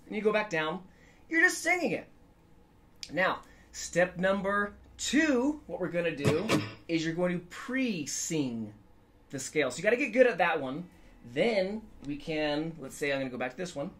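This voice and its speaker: A man's voice: high-pitched, very animated, moderate pace, fairly bright tone. A man giving a casual guitar lesson in an upbeat, chatty way, now and then singing notes to show the method. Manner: upbeat, chatty, sings scales to demonstrate. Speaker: guitar teacher.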